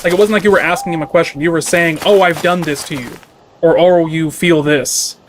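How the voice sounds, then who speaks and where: A man's voice: fairly high pitch, brisk. Rambling man over a noisy game stream. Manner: loose, rambling, heavy on "like" fillers. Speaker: streamer playing a game while chatting. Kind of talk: casual chat.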